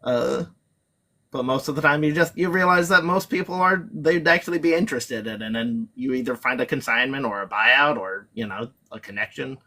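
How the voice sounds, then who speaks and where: A man's voice: medium pitch, fairly quick, sharp tone. A man talking as a guest on a live chat stream, rambling along with plenty of fillers and restarts. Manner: rambling, filler-heavy, self-interrupting. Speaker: guest reseller.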